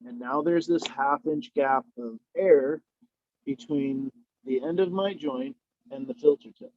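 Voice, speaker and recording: A man's voice: on the high side, unhurried, no echo, lo-fi sound. A man guesting on a podcast, chatting casually and telling rambling, laid-back stories while he smokes. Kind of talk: casual chat while smoking.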